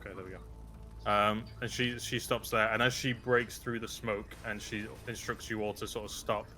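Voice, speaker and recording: A man's voice: on the low side, fairly even intonation, moderate pace, bright, forceful tone, faint music behind. A man narrating a tabletop role-playing game as game master, describing scenes with many ums and uhs. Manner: hesitant, filler-heavy narration.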